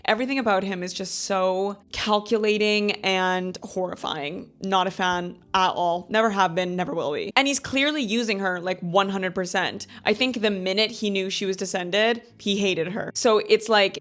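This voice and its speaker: A woman's voice: medium pitch, normal speed, few pauses. A woman in her thirties hosting a casual book review vlog. She talks in a gushing, dramatic way and says "like" often. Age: 30s. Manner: gushing and dramatic, heavy use of "like". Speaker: book club host.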